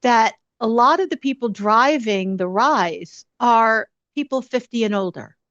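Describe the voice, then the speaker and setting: A woman journalist hosting a casual interview over a video call, talking in quick, animated bursts of enthusiasm. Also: fairly high pitch, no room sound. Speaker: journalist host. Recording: dull, dry lo-fi call audio.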